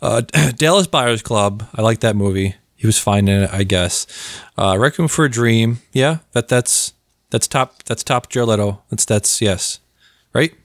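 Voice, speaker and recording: A man hosting a casual podcast, excitable and rambling, laughing often and filling gaps with ums. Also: lowish voice, unhurried, dry recording, clean studio sound. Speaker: podcast host.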